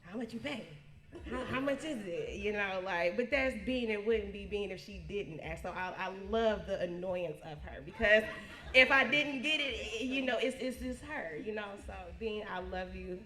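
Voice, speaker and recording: A woman, giving a birthday toast as a niece, halting and repeating herself, close to tears. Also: medium pitch, fairly bright tone. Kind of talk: emotional party toast. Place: party hall, indoors. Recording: echoey room.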